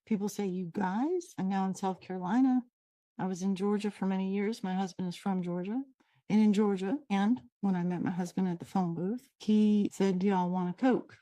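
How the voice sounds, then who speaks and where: Hosting a laid-back, digressive teaching talk with a positive energy, a Washington State trainer with a Pacific Northwest accent speaks into her computer mic at normal speed. Her medium-pitched voice is steady and dark, recorded dry.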